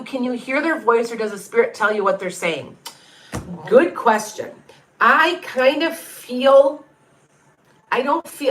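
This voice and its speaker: Her voice sits on the high side with a fairly bright tone, and the room is echoey. Working as a psychic medium, she does a casual live reading, fielding questions in a rambling, chatty way and frequently breaking off partway through sentences.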